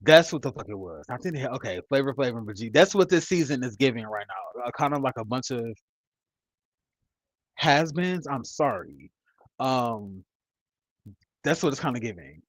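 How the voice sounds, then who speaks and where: A man's voice: medium pitch, lively intonation, moderate pace, long pauses, no echo, poor audio. A man in his mid-thirties giving casual, rambling commentary as a reality TV reviewer, blunt and profane. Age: 30s.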